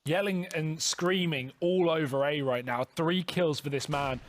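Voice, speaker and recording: Excitable male esports play-by-play caster. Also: fairly high pitch, unhurried, noisy background. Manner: jokey banter, rising excitement on big plays. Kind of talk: play-by-play commentary.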